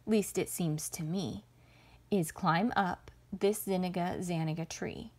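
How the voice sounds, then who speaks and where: A woman's voice: on the low side, darkish tone. A woman voicing a clever male rabbit who talks in a sly, persuasive way in a storybook read-aloud. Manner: sly, smooth-talking, persuasive.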